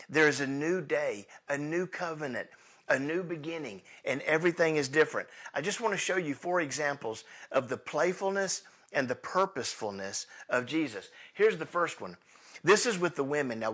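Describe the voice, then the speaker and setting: A pastor preaching an Easter sermon, retelling the scripture with animated storytelling and acted-out dialogue. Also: male voice, a little high.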